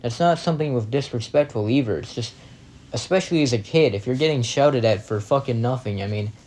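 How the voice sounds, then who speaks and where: A young man reacting to clips in a casual, rambling commentary. He is blunt, swears constantly and sounds indignant, with a mellow, darker tone at an ordinary pitch. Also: fairly quick.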